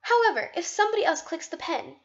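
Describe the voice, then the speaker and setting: A woman's voice: extremely high pitch, expressive, quick pace, lo-fi sound. A young woman in a casual vlog monologue, bubbly and rambling, poking fun at herself. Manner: bubbly, rambling, self-deprecating. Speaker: vlogger.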